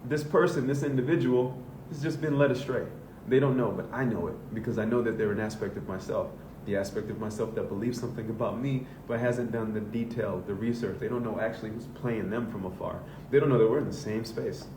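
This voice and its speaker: A man's voice: brisk, few pauses, far from the mic. A man, a men's coach from the Southern US, giving a casual, earnest motivational monologue and swearing freely. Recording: echoey room with rumbling noise.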